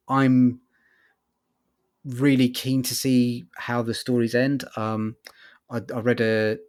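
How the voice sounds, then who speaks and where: A man co-hosting a casual podcast, talking thoughtfully and hesitantly with many ums. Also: mid-range voice. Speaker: podcast co-host. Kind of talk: casual chat.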